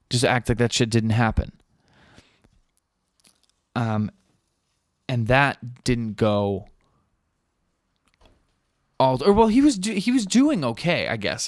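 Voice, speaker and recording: A man's voice: mid-range voice, no room sound, clean studio sound. A young man hosting a podcast, telling a story in casual, rambling talk full of fillers and swearing. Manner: loose, rambling, lots of fillers and profanity; acts out quoted people in a flat offhand voice. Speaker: podcast host.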